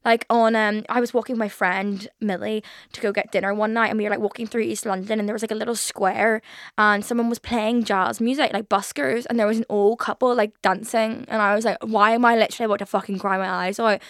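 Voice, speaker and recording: A woman's voice: medium pitch, little pitch movement, a little fast, no echo, studio quality. A twenty-year-old woman hosting a casual solo podcast, chatting freely with lots of fillers and swearing. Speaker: podcast host. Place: London.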